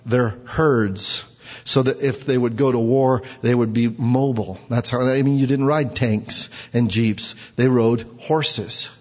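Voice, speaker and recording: Man preaching a lively sermon. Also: medium pitch, measured pace. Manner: lively, quizzes the congregation, acts out quotes. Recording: dull recording with long hall reverb.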